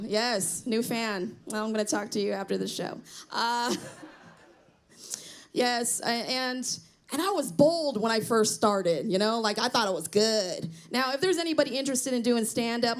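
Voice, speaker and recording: A middle-aged woman doing a self-deprecating stand-up comedy set on a small theater stage, chatting with the crowd. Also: mid-range voice. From Cambodian heritage.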